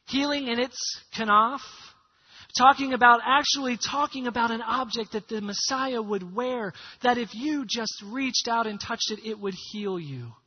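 A man's voice: high-pitched, husky. A man preaching a sermon, teaching with energy and getting the congregation to repeat words after him. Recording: muffled lo-fi sermon recording.

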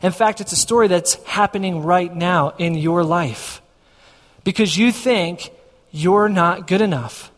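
A man's voice: high-pitched, unhurried, fairly bright tone, long reverb tail. A man preaching a sermon as a pastor, telling a story and acting out his own dialogue with God.

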